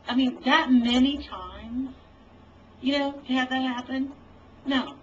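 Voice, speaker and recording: A woman's voice: sits high, slow pace. A woman in an online voice chat, delivering a heated, profane, lecturing rant. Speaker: voice chat participant. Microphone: computer mic in voice chat. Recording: distant, dull lo-fi voice chat audio with faint hiss.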